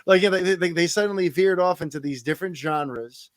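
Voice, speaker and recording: Higher-voiced male podcast host, dry sound. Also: brisk, dry recording. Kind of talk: casual chat.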